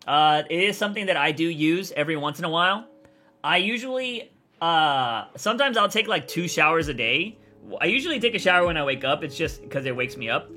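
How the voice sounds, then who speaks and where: Young male streamer, slightly high, bright edgy tone, a touch raspy, blunt, swears a lot. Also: lively intonation, fairly quick. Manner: blunt, swears freely, rambling. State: voice feels raspy. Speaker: content creator streamer. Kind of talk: casual livestream chat answering viewers.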